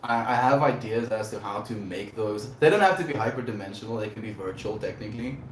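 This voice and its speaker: A man's voice: fairly low pitch, fairly quick. A man hosting a casual livestream chat, talking in a rambling, reflective way and laughing often. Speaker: livestream host. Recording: echoey room, faint background noise.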